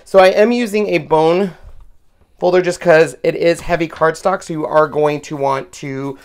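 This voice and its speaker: A woman's voice: low voice, steady tone, normal speed. A woman hosting a craft demonstration, chatting casually and laughing at herself while she works. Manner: chatty, self-deprecating, laughs often. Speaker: craft channel host. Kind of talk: casual craft demo chat.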